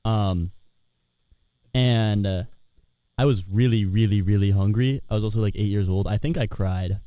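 A man in his twenties co-hosting a student radio show, talking in a wry, low-key way. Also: moderate pace, no room sound, highs cut off. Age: 20s. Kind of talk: casual chat.

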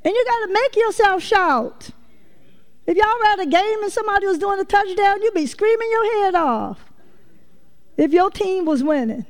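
Woman preacher, high voice, lively folksy storytelling, talks straight to the congregation. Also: normal speed. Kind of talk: sermon.

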